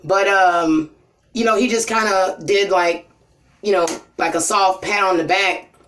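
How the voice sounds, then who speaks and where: A woman's voice: steady tone, a little slow, a bit bright, a little hiss or hum. A woman telling a personal story in a rambling, emotional vlog, full of "you know" and "like". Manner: voice drops low and cries near the end. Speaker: vlogger.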